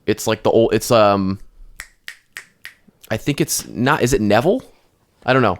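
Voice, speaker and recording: On a podcast he co-hosts, a man with a lowish voice and lively intonation chats casually at a moderate pace. His talk rambles, with frequent restarts and plenty of swearing.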